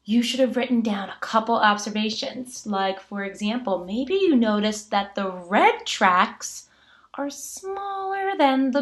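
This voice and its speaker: A woman teacher recording an online lesson for children, animated and full of gasps and rhetorical questions. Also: a little high.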